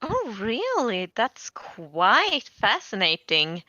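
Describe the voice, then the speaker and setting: A woman's voice: on the high side, huge pitch swings, takes it slowly, pushed and bright, dry recording, highs cut off, exaggerated voice. A woman voicing a polite, refined dragonborn woman who sounds eager and curious. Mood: polite interest.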